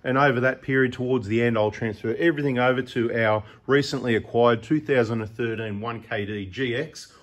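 A middle-aged Australian man talks straight to camera with chatty, opinionated advice, often wandering off on asides. His voice sits at an ordinary male pitch and has a husky edge. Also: a little fast, few pauses. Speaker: host of a 4x4 channel. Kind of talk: casual talking-head advice.

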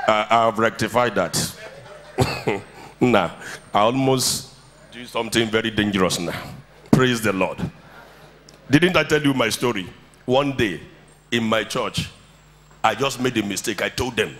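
In church, a pastor with a lowish, fairly bright voice preaches a little slowly, with long pauses, as a faint crowd is heard. He tells stories and then stirs up the congregation through call-and-response.

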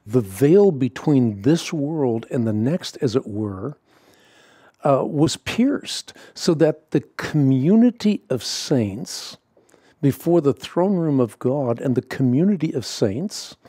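A man hosting a podcast interview, speaking in a measured way with hesitant fillers. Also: mid-range voice, lively intonation, mellow, husky, no room sound, studio quality. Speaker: podcast host. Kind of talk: conversational interview.

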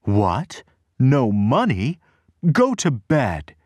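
A man voicing a stern, poor farm mother in a slow storybook reading. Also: medium pitch, huge pitch swings, a little mellow, no room sound, heavily acted. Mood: angry. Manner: scolding.

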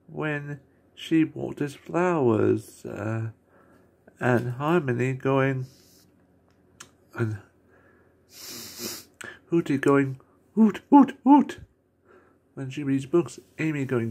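A man casually narrating and describing a fan video, with halting phrasing that breaks off and restarts. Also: mid-range voice, gravelly, darkish tone.

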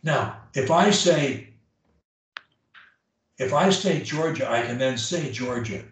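A man's voice: mid-range voice, animated, slow. A man coaching a client one-on-one through speech drills, emphatic and demonstrating each drill aloud. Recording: very echoey room, mic at a distance.

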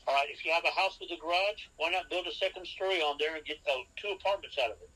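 Guy with a bright punchy voice, kinda high, walking a podcast host through real estate rules, lots of "okay?". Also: quick pace, rough recording. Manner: instructive, lays out numbered rules and checks in with "okay?". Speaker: real estate expert guest. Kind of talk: podcast interview, seminar-style advice.

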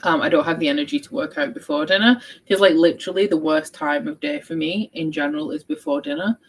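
A woman's voice: low voice, sing-song, quick pace, vocal fry, a little hiss or hum, low-quality recording. A young woman hosting a reading livestream, chatting casually and reading out viewers' updates. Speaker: book vlogger hosting a readathon livestream. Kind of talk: casual chat.

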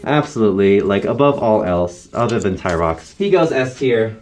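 A man's voice: medium pitch, fairly quick, hardly any pauses, darkish tone, recorded from a distance. A young man giving a casual, joking tier-list commentary as a YouTuber, playful and self-mocking.

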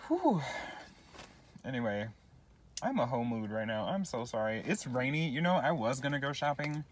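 A young man talks straight into his phone camera in a loose, rambling vlog, jumping between tangents and apologizing with a self-deprecating laugh in his voice. His voice sits at an ordinary middle pitch for a man, and a faint hiss of background noise hangs under the recording. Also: very animated, moderate pace. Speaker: vlogger. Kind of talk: casual rambling vlog while eating.

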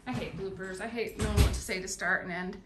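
A woman's voice: mid-range voice, steady tone, fast, music in the background. A woman home decor vlogger wrapping up a casual home tour, chatty, playful and self-mocking. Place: her home.

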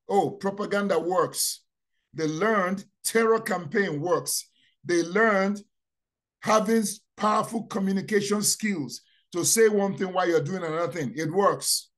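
A man preaching a sermon, repeating key phrases and asking rhetorical questions, dropping to quiet asides then rising to loud proclamations. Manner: dramatic, swings from low asides to loud proclamations.

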